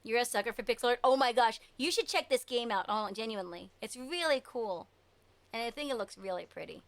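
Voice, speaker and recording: A woman's voice: fairly high pitch, lively intonation, brisk, creaky. A woman streaming live, chatting casually with her viewers. She is chatty and giggly and trails off with fillers.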